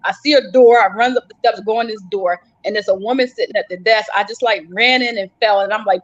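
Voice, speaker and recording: A woman's voice: mid-range voice, steady tone, fast, few pauses. A woman guest on a live panel recounting her story vividly, acting out her own cries for help. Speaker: guest survivor. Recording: dull lo-fi livestream audio.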